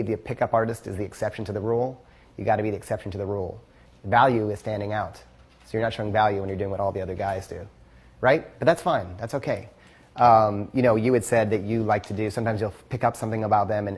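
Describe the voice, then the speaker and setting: A man giving blunt, quick coaching feedback to a class, swearing freely. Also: fairly low pitch, darkish tone. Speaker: pickup coach.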